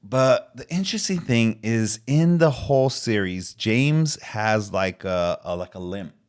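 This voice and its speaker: A man's voice: lowish voice, lively intonation, unhurried, a little mellow, smooth. Earnest middle-aged man podcast host. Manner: earnest, emotional, retells scenes with quoted lines. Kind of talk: casual chat.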